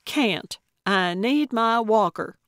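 A woman's voice: fairly high pitch, expressive, takes it slowly, a bit bright, dry recording, studio quality, pitched above the performer's own voice. Woman doing a feisty old lady sleuth. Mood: sardonic. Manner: blunt, sarcastic. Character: elderly woman sleuth, feisty and sharp-tongued.

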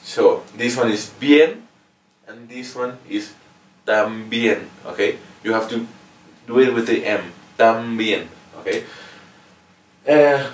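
Mexican man teaching, echoey room. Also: medium pitch. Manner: patient, ends phrases with "okay?". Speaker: language teacher. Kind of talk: casual video lesson. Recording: roomy echo, mic at a distance.

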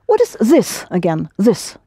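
A woman's voice: medium pitch, huge pitch swings, a little slow, mellow, breathy edge, no room sound, studio quality. A woman teaching a language lesson, explaining patiently step by step and prompting her students.

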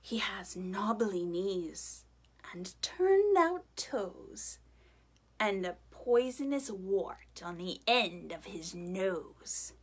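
A woman's voice: mid-range voice, expressive, extremely slow, breathy edge, heavily acted. Woman doing a clever little storybook mouse. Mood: sly. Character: small clever brown mouse, calm and cunning.

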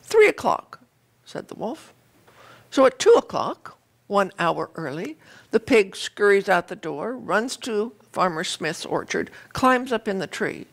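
A woman's voice: mid-range voice, measured pace. Woman minister telling a story. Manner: conversational, animated storytelling. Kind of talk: sermon with storytelling.

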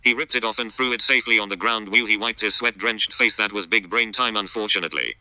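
A man reads out an absurd comic story in a flat, deadpan way. His voice is low but very bright and sharp in tone. The recording is dull and muffled. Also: fast, no room sound. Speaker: narrator.

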